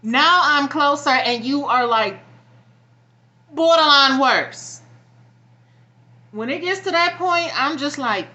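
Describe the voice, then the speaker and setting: Young woman venting, high bright voice. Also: lively intonation, slow pace, long pauses, muffled recording. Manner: frustrated, blunt, profane venting. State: near tears. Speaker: vlogger. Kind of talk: emotional personal vlog rant.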